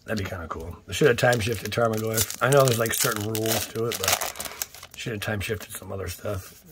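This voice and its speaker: A man hosting a casual card-opening video, playful and exclamatory with goofy catchphrases, sometimes dropping to a hushed near-whisper. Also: lowish voice, normal speed, heavy background noise. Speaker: card-opening channel host. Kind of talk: casual unboxing commentary.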